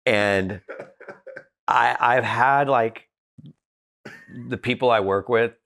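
A man's voice: medium pitch, slow pace, fairly bright tone. A man from Southern California, a podcast guest telling candid stories in a blunt, direct way, often restarting his sentences. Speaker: podcast guest, business founder. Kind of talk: candid casual storytelling.

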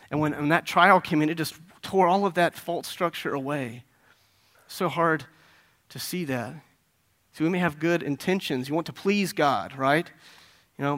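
A middle-aged man preaches with a slightly higher-than-usual voice. He talks earnestly and conversationally, checking in with the listeners. Now and then he jumps up in pitch and volume for emphasis. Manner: bursts of louder, higher emphasis. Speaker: pastor. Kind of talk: sermon.

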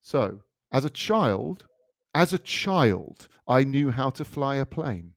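A British man co-hosting a podcast, rambling through jokes in a playful, deadpan way. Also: mid-range voice, slow, no room sound. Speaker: podcast co-host. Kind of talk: casual comedic chat.

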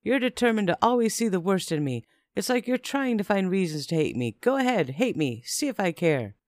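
A man's voice: sits high, big pitch swings, a little fast, dry recording, studio quality, pitched above the performer's own voice. A man voicing a defensive, volatile adult male partner who talks in a raised, accusing, self-pitying way. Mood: angry.

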